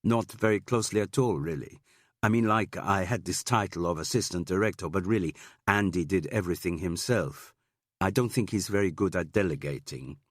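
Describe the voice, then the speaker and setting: A man's voice: low-pitched, fairly quick, no room sound, clean studio sound. A man doing an offhand student girl, faint Spanish accent. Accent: slight Spanish. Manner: casual, offhand, peppered with "like". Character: young woman student, assistant director, offhand.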